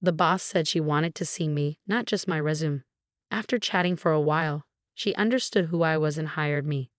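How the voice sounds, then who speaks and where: A woman voicing a stern, loyal young male employee who scolds forcefully in a storybook video. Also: deep voice, normal speed, dry recording, clean studio sound, natural voice. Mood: earnest.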